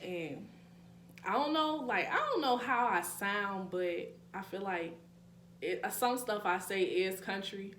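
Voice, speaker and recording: A woman's voice: medium pitch, measured pace, a bit bright. A young woman from New Orleans with a New Orleans accent, chatting casually to her viewers in a vlog, with laughing asides and calling them y'all. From New Orleans, Louisiana. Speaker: YouTuber. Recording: echoey room with faint hum.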